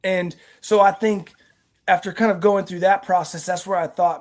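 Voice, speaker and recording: Here a nonprofit team member, guesting on a veterans' talk show, tells earnest, meandering stories full of restarts. The delivery is conversational, in a steady mid-range voice at normal speed.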